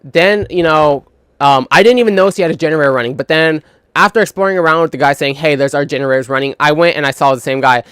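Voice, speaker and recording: A man's voice: fairly high pitch, fast, a bit bright, smooth, dry recording, clean studio sound. A young man telling work stories in a casual, profane, rambling monologue full of fillers and retold dialogue. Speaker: gaming channel host.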